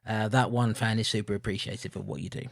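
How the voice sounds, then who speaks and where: A man's voice: steady tone, fast, creaky, no echo, clean studio sound. A man co-hosting a podcast in casual, jokey, rambling chat, with mock-grumpy outbursts. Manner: jokey, rambling, mock-grumpy with sudden loud high bursts. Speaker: podcast co-host.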